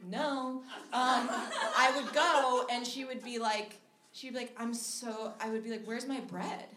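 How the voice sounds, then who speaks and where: A woman's voice: on the high side, measured pace. A young woman from Minnesota telling a funny story live on stage, chatty and laughing as she goes. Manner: chatty, animated, laughs through her story. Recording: echoey live room with loud background noise.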